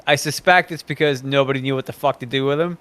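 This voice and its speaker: Smooth-voiced man on a podcast. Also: mid-range voice, fairly even intonation, quick pace, a bit bright, no echo. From Ireland. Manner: thoughtful, hedging, with many fillers. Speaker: podcast co-host. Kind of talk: casual comic-book ranking chat.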